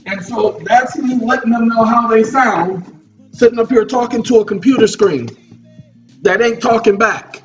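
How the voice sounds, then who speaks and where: A man with a high-pitched voice lectures his viewers in a repetitive, preachy monologue from his computer desk. He keeps checking in with "okay?" as he talks. He sits back from the mic, and the lo-fi sound carries faint music behind it. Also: animated, normal speed, recorded from a distance.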